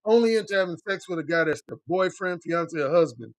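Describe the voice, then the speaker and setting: A man's voice: lively intonation, brisk, dry recording. A middle-aged male dating coach talking bluntly on a livestream, swearing freely and repeating his points for emphasis. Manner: mimics other men in a high voice when quoting. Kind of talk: livestream talk answering chat.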